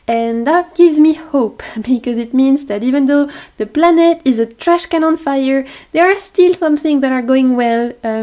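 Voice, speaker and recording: A woman with a French accent, chatting brightly to camera in a tarot vlog, laughing often. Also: fairly high pitch. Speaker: tarot vlogger. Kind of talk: casual chat to camera. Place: home on a tropical island. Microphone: camera facing the speaker.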